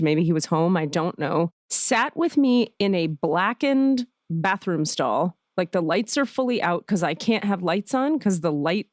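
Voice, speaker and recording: A woman's voice: lowish voice, darkish tone, dry recording, studio quality. A woman podcast host telling a personal story candidly and with feeling, with many restarts. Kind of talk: casual podcast chat.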